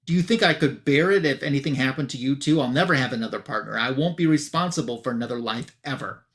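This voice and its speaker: A man's voice: mid-range voice, fast, fairly bright tone, natural voice. A man voicing a grieving adult male superhero who speaks sternly about the partner he lost.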